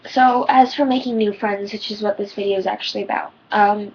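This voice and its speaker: Teenage girl with a husky, shaky voice. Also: medium pitch, steady tone, fairly quick, muffled recording. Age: teens. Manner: rambling, heartfelt, many ums. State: voice shaking, near tears. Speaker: vlogger. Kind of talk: personal advice vlog.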